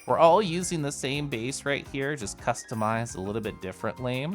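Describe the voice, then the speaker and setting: A young man chatting casually with viewers on a live stream, giggly and animated. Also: mid-range voice, normal speed, faint music behind.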